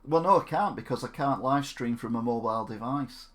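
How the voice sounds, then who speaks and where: A man's voice: medium pitch, a little fast, fairly bright tone. A man chatting casually on a gaming live stream. He jokes around, mocks himself and rambles. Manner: jokey, self-mocking, rambling.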